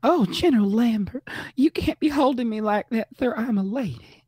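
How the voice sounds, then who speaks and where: A man's voice: very high-pitched, moderate pace, darkish tone, voice pushed up. A man putting on a coy Southern belle lady. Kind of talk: playful improvised bit.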